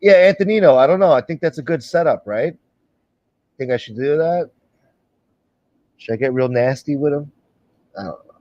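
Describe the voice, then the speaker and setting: A man hosts a livestream in a casual, profane rant, blunt and sarcastic throughout. His voice is dark and mellow. The audio is dull and lo-fi, with a dry, close sound. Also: a little high, lively intonation, normal speed, pauses often, no room sound. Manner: blunt, sarcastic, swears a lot. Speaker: livestream host.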